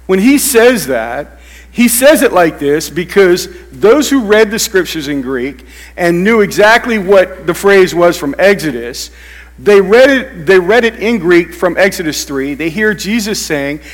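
A man's voice: high voice, long reverb tail. A man preaching a sermon, teaching in a conversational way with frequent fillers and restarts. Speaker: pastor.

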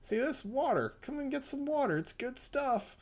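A man doing a starving castaway who has gone off the deep end, his voice pushed well above normal and stretched thin. He coaxes, whines and snaps like a desperate cartoonish madman. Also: big pitch swings, moderate pace, full character voice. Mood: wheedling. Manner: wheedling then snapping, high and strained. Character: starving shipwrecked man turned unhinged and menacing.

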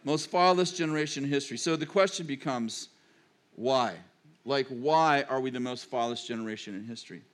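A man's voice: medium pitch, fairly quick, a bit bright. An older man, a pastor and grandfather, preaching a sermon in a chatty, digressive storytelling manner.

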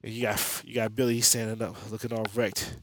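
A man's voice: fairly low pitch, little pitch movement, brisk, a bit bright, slight background noise. A man hosting a podcast, giving a rambling, profane, slang-filled recap of a comic book. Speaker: podcast host. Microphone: podcast mic.

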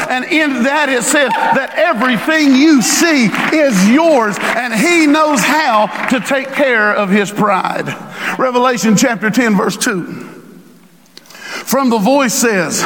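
Male pastor preaching, very high voice, long reverb of a church hall, dramatic slowdowns and shouts. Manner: preaching with emphatic shouts and drawn-out slow lines. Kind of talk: sermon.

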